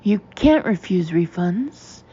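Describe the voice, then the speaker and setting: A woman's voice: lowish voice, big pitch swings, slow, warm tone, slightly rough, lo-fi sound, heavily acted. A woman voicing an impulsive woman shopper who speaks emphatically and enthusiastically. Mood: emphatic.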